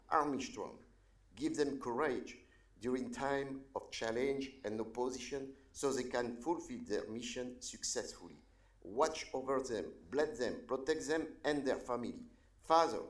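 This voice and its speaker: A man from France with a French accent, a pastor giving an invocation prayer at a county meeting, fervent and rising on key words. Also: mid-range voice. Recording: echoey meeting chamber.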